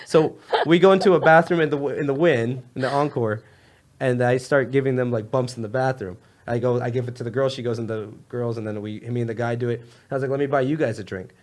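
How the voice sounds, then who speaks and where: A man's voice: medium pitch, fairly even intonation, fast talker. A young man telling a rambling story in casual podcast chat, laughing often and jumping between tangents. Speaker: comedian guest.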